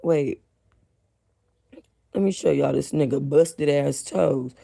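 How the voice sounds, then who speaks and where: Gravelly, profane woman streamer. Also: low-pitched, takes it slowly. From North Hollywood, California. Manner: loud, profane, laughing commentary. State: tired. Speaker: livestream host. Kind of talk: casual livestream chat.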